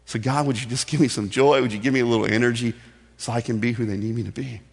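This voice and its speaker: A man's voice: mid-range voice, fairly even intonation, quick pace, vocal fry, husky. A man preaching a sermon in an earnest, conversational way, acting out simple prayers. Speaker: pastor. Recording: long hall reverb.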